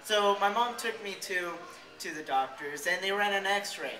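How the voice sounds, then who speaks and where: A man's voice: sits high, moderate pace, bright, forceful tone. Man telling a rambling story, echoey hallway. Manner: rambling, jokey, swears freely. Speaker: vlogger telling a childhood story. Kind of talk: casual storytelling. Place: school hallway outside a band room.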